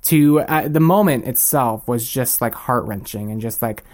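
Animated young man telling a story. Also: medium pitch, moderate pace. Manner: animated, acts out the people he quotes. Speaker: podcast guest. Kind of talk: casual storytelling.

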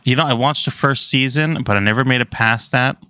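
Bright-voiced man, rambling podcast co-host, chatty delivery, dry close sound. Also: mid-range voice, a little fast, smooth, dry recording. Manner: rambling, many restarts. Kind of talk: casual chat.

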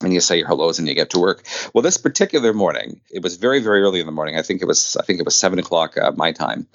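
Very deep-voiced man telling stories. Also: rapid-fire, no echo, muffled recording. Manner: animated storyteller, stammering restarts. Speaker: guest, audio drama producer. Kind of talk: conversational interview.

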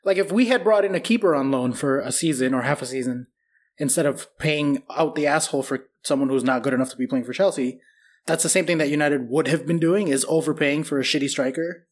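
A fairly high-voiced man co-hosting a football chat. He reasons through transfers in a blunt, analytical way and drops casual swearing. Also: fairly quick. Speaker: podcast co-host.

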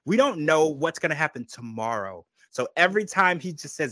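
A man's voice: a little high, big pitch swings, brisk, pushed and bright, no echo. A man hosting a podcast, recapping a reality show in casual chat and acting out quotes in changed voices. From United States. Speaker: podcast host.

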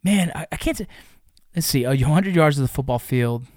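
Man, slightly high voice, telling a rowdy anecdote with lots of cursing; dry close mic. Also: normal speed, no echo. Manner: profane, animated storyteller. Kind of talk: casual storytelling.

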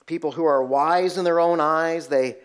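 A man's voice: fairly high pitch, steady tone, moderate pace, clean tone. A man preaching a sermon, telling stories and asking the congregation rhetorical questions. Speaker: pastor.

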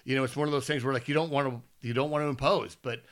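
Bright-voiced fifty-year-old man, chatty. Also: mid-range voice, fast talker. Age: 50s. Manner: animated storytelling, rambling with restarts. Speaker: podcast co-host. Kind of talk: casual chat.

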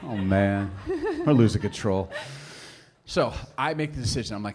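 Animated man telling a story on stage. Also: fairly low pitch, normal speed, a crowd in the background. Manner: animated storyteller, acts out family members' voices. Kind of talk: sermon storytelling.

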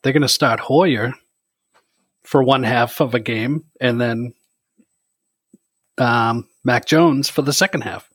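A man's voice: mid-range voice, takes it slowly, pauses often, husky, dry recording. A man in casual chat, telling a rambling story.

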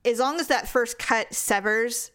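A woman chatting casually as a podcast co-host, animated, acting out what people said. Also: fairly high pitch, measured pace. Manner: animated storytelling, acts out quotes. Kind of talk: casual chat.

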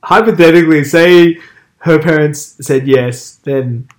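Young guy podcast cohost, voice a bit high, teases a lot, says stuff twice. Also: measured pace. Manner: teasing, repeats his points. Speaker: podcast co-host. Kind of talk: casual chat.

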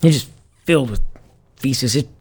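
In an interview, a man who once served as a police commander spins lively stories, voicing the quoted dialogue in different voices. His medium-pitched voice is husky, at a normal speed.

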